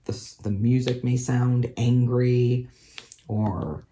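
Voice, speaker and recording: A hoarse woman with a scratchy throat, chatting casually to viewers in a rambling way, full of ums and likes. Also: very deep voice, fairly even intonation, slow, dark tone. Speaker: craft vlogger. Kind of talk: casual chat.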